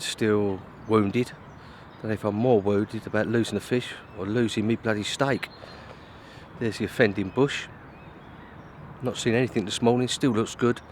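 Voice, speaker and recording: Out by a lake in the wind and rain, this British man fishes and talks to his camera in a casual, self-deprecating vlog full of grumbled asides. He has a lowish voice, with a little background noise audible.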